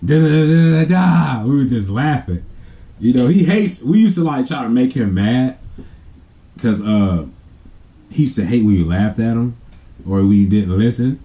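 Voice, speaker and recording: A man vlogger telling a family story to camera in a casual, animated way, laughing often and acting out the sounds. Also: medium pitch, normal speed, pauses often.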